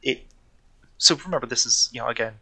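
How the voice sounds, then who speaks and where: A man with a mid-range, bright, pushed voice co-hosts a casual podcast, talking a bit quickly. He's eager and enthusiastic, rambling along and often correcting himself.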